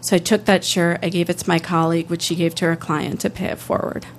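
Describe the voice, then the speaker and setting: A woman, a public defender, telling a true personal story on stage in an earnest, candid way with halting restarts. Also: lowish voice, little pitch movement, slight background noise. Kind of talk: live first-person storytelling.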